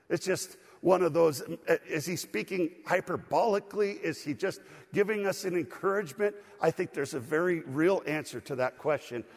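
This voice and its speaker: A man's voice: on the high side, husky. A man preaching a sermon in a church, getting over a cold, leading his congregation in call-and-response. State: recovering from a cold. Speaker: pastor. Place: church sanctuary. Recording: long hall reverb.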